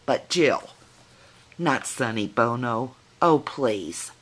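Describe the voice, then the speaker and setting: A middle-aged woman with a drawl talks straight to her viewers in a casual vlog. Her voice sits low and she takes her time, chatty and teasing in a folksy way. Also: animated, takes it slowly. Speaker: video blogger. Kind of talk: casual vlog talking to camera.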